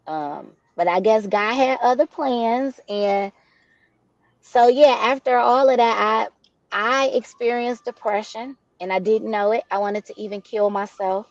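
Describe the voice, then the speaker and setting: A woman's voice: on the high side, unhurried, no room sound. A woman from Detroit, speaking as a guest in an interview, telling a personal story in a candid, heartfelt way. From Detroit, USA. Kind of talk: interview conversation. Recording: dull, dry lo-fi audio.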